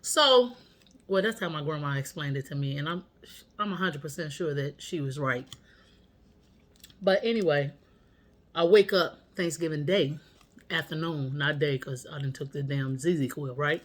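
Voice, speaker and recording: A woman's voice: sits low, moderate pace, long pauses. A woman vlogger telling a story at home, candid and profane in a casual, chatty way.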